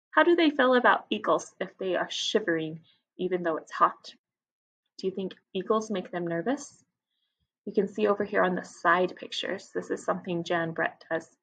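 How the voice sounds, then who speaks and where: Husky-voiced teacher reading to her class. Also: on the low side, moderate pace, muffled recording. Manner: expressive, asks listeners questions. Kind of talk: reading a picture book aloud to a class.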